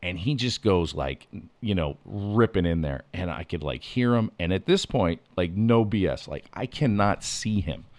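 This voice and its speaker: A man telling a lively hunting story in casual podcast chat, acting out what people said. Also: low-pitched, normal speed, dry recording. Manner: animated storyteller, acts out quotes.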